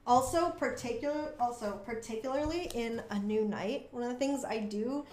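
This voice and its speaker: A woman's voice: fairly high pitch, normal speed, a little mellow, a little hiss or hum. A woman streamer chatting in a casual, bubbly, self-deprecating way about her writing while she plays. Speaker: streamer and author. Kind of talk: casual live-stream chat and reading aloud. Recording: echoey room.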